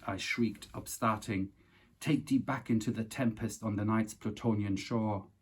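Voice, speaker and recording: Husky low-voiced man reciting poetry. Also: darkish tone. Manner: dramatic, declamatory reciting. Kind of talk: poem recited from memory.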